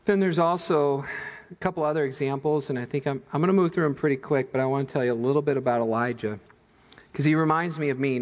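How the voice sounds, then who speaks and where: A man preaching a sermon as pastor, telling stories in an animated, humorous way. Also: medium pitch, long reverb tail. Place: church sanctuary.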